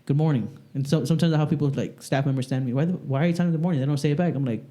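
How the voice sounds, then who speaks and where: Fast-talking, profane man on a podcast. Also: a little high. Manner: profane, animated storytelling. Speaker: podcast co-host; school staff working with kids. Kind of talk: casual chat.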